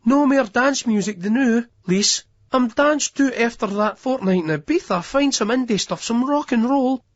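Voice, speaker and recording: A man's voice: very high-pitched, animated, normal speed, no room sound, voice pushed up. Young woman, voiced by male reader, chatty, lo-fi. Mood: pleading. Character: young Scottish woman, bored of dance music. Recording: dull lo-fi audiobook.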